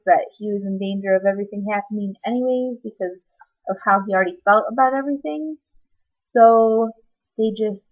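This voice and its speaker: Chatty young woman rambling on a webcam. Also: medium pitch. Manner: rambling, chatty, with many ums. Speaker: vlogger. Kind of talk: casual personal update vlog. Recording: slightly dull lo-fi webcam audio.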